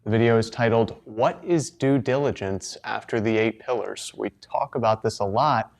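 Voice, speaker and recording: A man's voice: medium pitch, normal speed, vocal fry. A man co-hosting a livestream, announcing an upcoming video plainly and a bit hesitantly.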